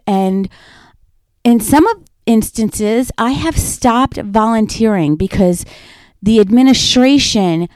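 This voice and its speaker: A woman's voice: fairly high pitch, warm tone, no room sound, studio quality. A woman giving a conversational lesson on communication, illustrating her points with personal stories. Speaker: instructor. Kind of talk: lecture on communication.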